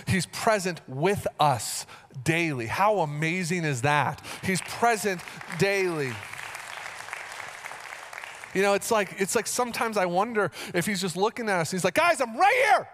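A male pastor preaching a sermon in an earnest way, repeating phrases as he goes and rising into animated storytelling. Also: on the high side.

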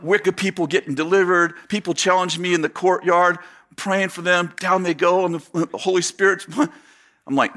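A man preaching a sermon, telling a lively story and acting out the voices of the people in it, with many fillers and restarts. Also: sits high, normal speed. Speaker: pastor.

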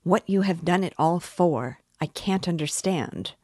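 A man's voice: high-pitched, a little slow, darkish tone, no echo, clean studio sound, voice pushed up. A woman reading aloud as an angry, short-sighted young man who insists hotly and repeats himself. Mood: indignant, heated.

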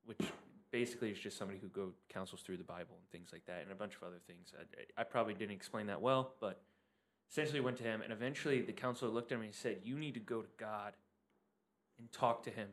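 A man co-hosting a church podcast tells a personal story. He speaks in a relaxed, heartfelt way with casual fillers. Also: lowish voice, racing.

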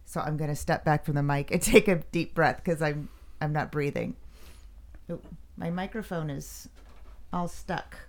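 A woman's voice: deep voice, steady tone, normal speed. A woman co-hosting a casual, unscripted podcast, chatty and self-conscious, laughing often. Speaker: podcast co-host. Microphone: podcast mic with headphones, home setup.

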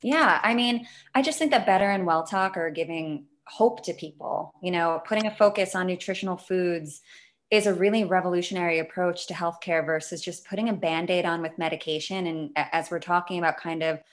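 A woman's voice: lowish voice, fairly quick. A woman co-host sharing her views upbeat and earnestly in a podcast conversation. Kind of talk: casual conversation.

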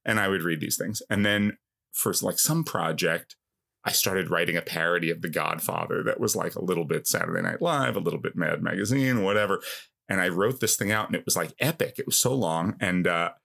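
Gravelly low-voiced man telling a story. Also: a little fast. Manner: animated, self-mocking, heavy use of filler words. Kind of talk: casual conversational storytelling.

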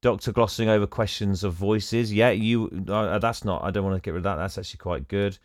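A man's voice: lowish voice, fairly even intonation, brisk, no room sound, studio quality. A man hosting a podcast, recapping a film in casual chat and laughing often.

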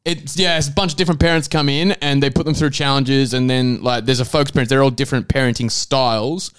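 This young man chats in loose, jokey banter as a podcast co-host, breaking into laughter easily. His voice comes through smooth and resonant. The sound is close and dry, with no room around it. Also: medium pitch, steady tone, fast talker, a bit bright, dry recording. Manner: jokey, laughs often, drifts into silly accents. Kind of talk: casual banter.

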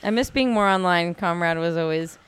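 A woman's voice: fairly low pitch, fairly quick, clear, resonant tone, no echo. A young woman co-hosting a podcast, chatting casually in a playful, giggly, teasing way into a podcast mic. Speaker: podcast co-host. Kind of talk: casual chat. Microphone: podcast microphone.

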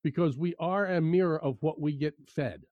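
A man in conversation, telling an animated personal anecdote about work attitude, often repeating key phrases. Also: fairly high pitch, moderate pace, no echo. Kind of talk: conversational storytelling. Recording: dry, muffled lo-fi sound.

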